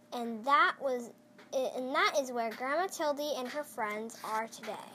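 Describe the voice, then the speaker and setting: A child reading a picture book aloud, slowly and with small stumbles and restarts. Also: sits high, sharp tone, a little hiss or hum. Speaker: storyteller.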